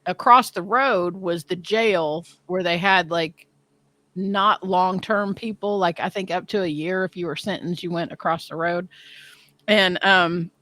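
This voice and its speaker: A woman in her fifties telling a story in casual chat, animated and self-deprecating, often laughing. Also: lowish voice, unhurried, no echo. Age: 50s.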